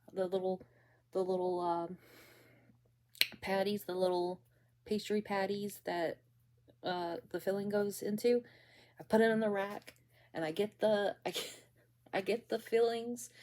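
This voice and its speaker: A woman's voice: fairly low pitch, a little mellow. A young woman casually telling a story about her bakery job, rambling with many restarts and fillers.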